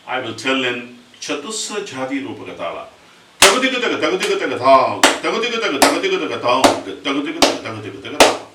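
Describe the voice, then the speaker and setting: A man's voice: mid-range voice, a little hiss or hum. Man reciting rhythm syllables. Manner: explains step by step, then recites rhythm syllables loudly and fast. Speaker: Carnatic rhythm teacher. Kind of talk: spoken music lesson with recited rhythm syllables. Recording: roomy, distant mic, faint ambience.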